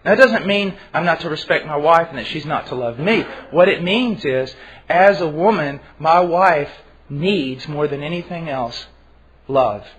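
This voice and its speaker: A man preaches with earnest emphasis, sometimes stumbling over his restarts. His voice is husky and fairly high. The recording sounds dull and lo-fi. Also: lively intonation, unhurried, fairly bright tone. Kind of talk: sermon.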